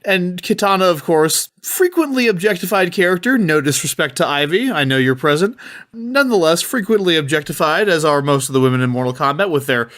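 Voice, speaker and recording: Guy on a comedy podcast, slightly high voice, wry and rambly, swears a lot. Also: expressive, a little fast, a bit bright. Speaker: podcast panelist. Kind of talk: comedic debate pitch.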